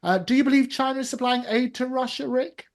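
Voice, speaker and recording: A man's voice: very high-pitched, fairly quick. A man hosting a news debate panel, with a playful, theatrical way of stressing words. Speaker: host.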